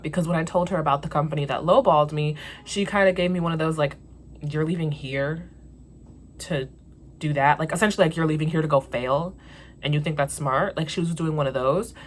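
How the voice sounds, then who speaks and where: Young woman, low voice, casual storytime vlog, candid, venting, swears freely. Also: a little hiss or hum. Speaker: vlogger.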